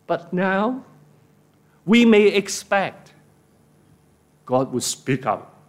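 Animated preacher acting out scripture. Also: male voice, extremely slow. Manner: acts out biblical speeches with rising emotional pitch. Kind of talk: sermon.

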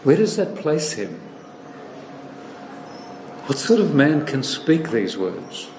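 A man preaches in a large, echoing hall, his voice carrying a long reverb. He speaks slowly and deliberately, circling back to repeat key phrases, with a faint hum of the room behind him. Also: on the high side, sing-song, creaky. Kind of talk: sermon. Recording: echoey hall, slightly distant, faint room noise.

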